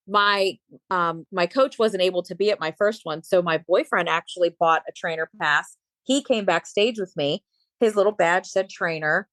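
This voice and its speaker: A woman's voice: medium pitch, dry recording. Chatty woman, dry close sound. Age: late 30s or 40s. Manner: chatty storyteller, acts out quoted dialogue. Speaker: podcast guest, bodybuilder and fitness coach. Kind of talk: casual chat.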